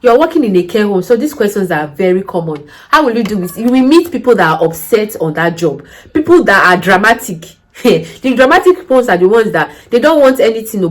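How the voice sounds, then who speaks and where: A woman's voice: mid-range voice, low-quality recording. A woman talks through care job interview advice in a casual vlog, in an ordinary mid-range voice. She tells stories with energy, acts out the dialogue in her own voice and drives her points home with emphatic questions.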